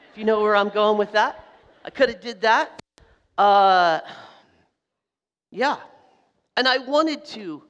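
Animated storytelling pastor in a reverberant hall. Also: male voice, high-pitched. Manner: animated storytelling, acts out quoted voices, laughs. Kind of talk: sermon.

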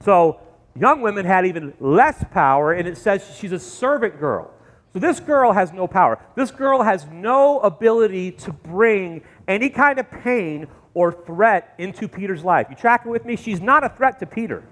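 A middle-aged man delivers a sermon from the pulpit, his voice sitting high for a man. He tells the story vividly, slipping into the voices of the people he quotes. The long reverb of the church sanctuary trails behind each phrase. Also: animated, normal speed, a bit bright. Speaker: pastor.

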